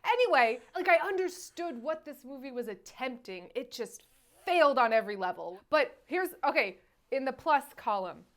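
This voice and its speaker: High-voiced exasperated woman reviewing films. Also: normal speed. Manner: animated, exasperated, restarts and trails off. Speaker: podcast host, film reviewer. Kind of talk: casual chat.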